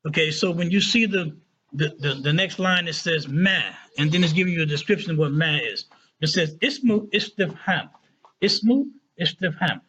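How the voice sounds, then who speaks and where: A man teaching a casual Arabic lesson who often checks in with "right?" and "okay?" and slows down to spell out words. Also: a little high, fairly bright tone, breathy edge, highs cut off.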